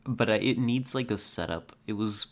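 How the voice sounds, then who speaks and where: A woman streaming a game, chatting casually and excitedly, laughing often and making playful growling noises. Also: extremely low pitch, moderate pace. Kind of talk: casual live-stream commentary.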